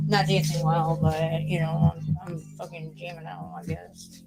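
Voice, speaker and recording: A woman's voice: fairly low pitch, little pitch movement, unhurried, vocal fry, poor audio. A woman streamer in casual livestream chat at home, rambling and swearing heavily. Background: loud music playing.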